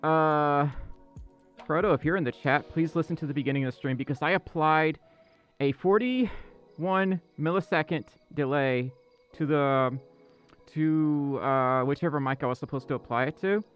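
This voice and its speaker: A man's voice: fairly high pitch, moderate pace, smooth, muffled recording, soft background music. A man hosting a casual livestream chat, flustered, stammering and apologetic. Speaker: livestream host. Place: dark room indoors.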